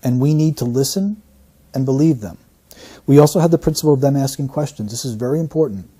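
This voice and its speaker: Husky, mellow-voiced male analyst. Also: mid-range voice. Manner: deliberate, teacherly. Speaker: statement analyst. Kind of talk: explanatory commentary.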